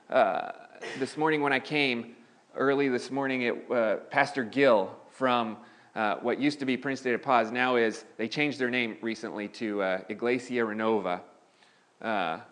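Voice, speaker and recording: A man's voice: medium pitch, a bit bright. A male pastor giving a sermon in a church, talking casually with restarts and lifting his voice on key points. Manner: conversational preaching with frequent restarts, rising emphasis on key points. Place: church sanctuary.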